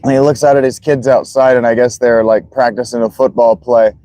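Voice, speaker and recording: A man's voice: mid-range voice, level tone, a little fast, dark tone, no room sound. A man streaming live as he watches football, chatting casually and greeting viewers by name.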